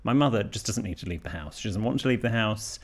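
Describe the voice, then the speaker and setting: A man's voice: on the low side, animated, fast. A man hosting a podcast, wry and chatty as he introduces clips. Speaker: podcast co-host. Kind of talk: casual chat.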